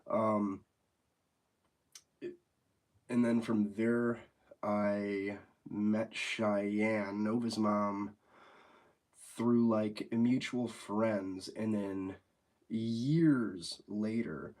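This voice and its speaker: A man's voice: lowish voice, fairly even intonation, slow pace, darkish tone. A congested young man from the United States hosting a casual livestream chat, rambling and laid-back with plenty of swearing. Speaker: livestream host.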